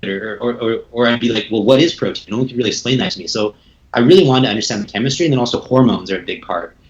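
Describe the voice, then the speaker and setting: A man's voice: mid-range voice, rapid-fire, a little hiss or hum. A young man from Canada, a podcast guest, talking in a casual, chatty way with many fillers and repeated words. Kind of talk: casual interview talk. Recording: echoey room, dull lo-fi sound.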